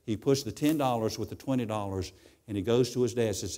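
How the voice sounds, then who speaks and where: A man's voice: medium pitch, fast, warm tone. A male preacher giving a sermon, telling stories and often repeating his words as he goes.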